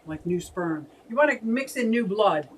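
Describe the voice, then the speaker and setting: A woman's voice: medium pitch, animated, normal speed, far from the mic, a little hiss or hum, rough recording. A woman co-hosting a casual fish hobby live stream, chatting and laughing as she reads out viewer comments.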